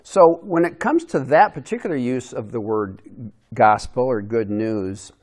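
Male Bible teacher, casual lesson delivery, asks the room questions, mid pitch. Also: unhurried, a little mellow. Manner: conversational, with restarts and questions to the group.

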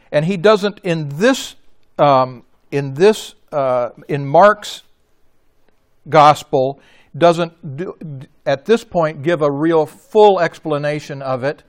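Halting man teaching scripture. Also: on the high side. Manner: halting, with frequent restarts and self-corrections; unhurried, explanatory. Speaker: Bible study teacher. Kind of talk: informal Bible teaching.

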